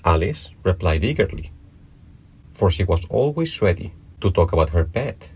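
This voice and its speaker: A man reads a storybook aloud in a measured, even way. His voice sits very low and carries a husky, slightly rough edge. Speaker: narrator.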